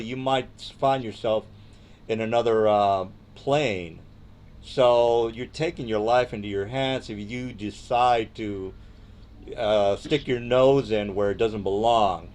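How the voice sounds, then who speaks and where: A man's voice: medium pitch, a little slow, a little mellow. A man running a tabletop game as dungeon master, narrating loosely with many ums and restarts.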